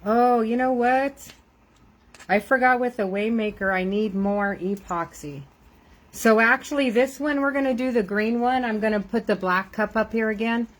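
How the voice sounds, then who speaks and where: A woman's voice: on the high side, moderate pace, poor audio. An older woman, a grandmother, chatting casually and rambling while she crafts on a live stream, laughing often.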